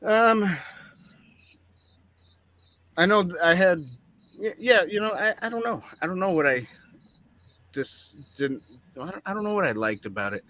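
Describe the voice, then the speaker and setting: A man's voice: high voice, animated, measured pace, long pauses, sharp tone, a little hiss or hum. Rambling, hesitant man with crickets behind. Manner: rambling, hesitant, many fillers. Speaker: movie review panelist. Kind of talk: casual chat. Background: crickets chirping.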